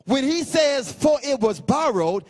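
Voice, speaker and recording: High-pitched man preaching in chanting bursts. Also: expressive, measured pace, in a large hall. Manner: preaching with chanted, sing-song cadences and shouts; repeats phrases for emphasis. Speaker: pastor. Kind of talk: sermon.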